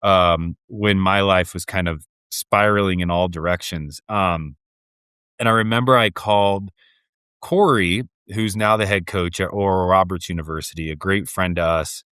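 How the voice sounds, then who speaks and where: Male host in his thirties, low smooth voice, dry close mic, earnest questions. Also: fairly bright tone, no echo. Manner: earnest, halting, many fillers. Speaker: podcast host. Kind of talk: interview host.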